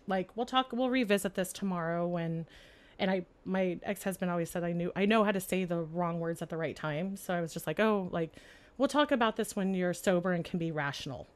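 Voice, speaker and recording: A woman guest on a casual podcast, telling a story in an animated way and acting out the lines of each person in it. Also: lowish voice, fairly quick. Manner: animated storytelling that acts out quoted dialogue. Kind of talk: casual chat.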